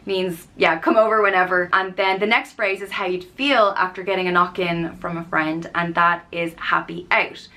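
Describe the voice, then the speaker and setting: A woman's voice: fairly low pitch, fairly even intonation, normal speed, few pauses, sharp tone. An Irish woman in her thirties, chatting casually and explaining phrases with lots of ums and playful example lines. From Ireland. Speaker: vlogger.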